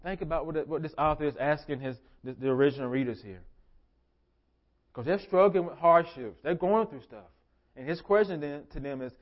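Man, pastor, sermon, emphatic and repetitive, somewhat high voice, dull lo-fi sound. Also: moderate pace, long pauses. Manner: emphatic preacher, repeating phrases, swinging from soft to loud.

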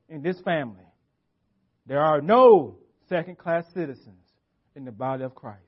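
A man with a high-set voice preaches a sermon, hammering on repeated phrases and dropping suddenly soft before rising again. The audio is dull and lo-fi. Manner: emphatic, repetitive preaching with wide swings of loudness. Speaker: pastor.

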